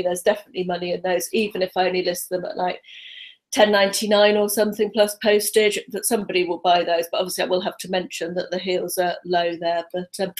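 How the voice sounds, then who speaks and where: Woman, 50s, webcam vlogger; jittery, breathless, rambling chat with plenty of fillers. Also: medium pitch. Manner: nervous, rapid, chatty with many ums. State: slightly out of breath. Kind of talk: casual live-stream haul chat.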